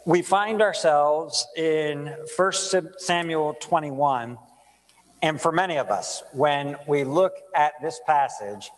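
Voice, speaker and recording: A male pastor preaching in a measured, unhurried way, with a voice pitched a little high for a man. He reads scripture, prays and asks his listeners rhetorical questions. His voice rings out with the long reverb of a large church sanctuary. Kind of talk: sermon with scripture reading and prayer.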